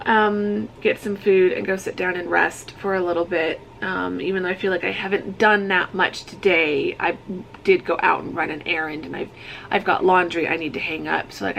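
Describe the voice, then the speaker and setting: A woman's voice: on the low side, creaky, a bit bright, a little hiss or hum, poor audio. A woman author chatting casually in a home vlog, rambling and laughing often as she makes tea. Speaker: romance author vlogger. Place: at home, kitchen.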